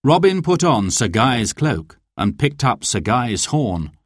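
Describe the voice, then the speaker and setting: Slow, expressive male storyteller. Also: medium pitch, no echo, clean studio sound. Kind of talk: storybook reading.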